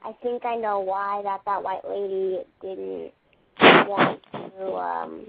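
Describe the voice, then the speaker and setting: Hesitant woman caller; flat, slow, phone line. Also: mid-range voice, gravelly, very noisy. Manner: hesitant, halting. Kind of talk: call-in talk.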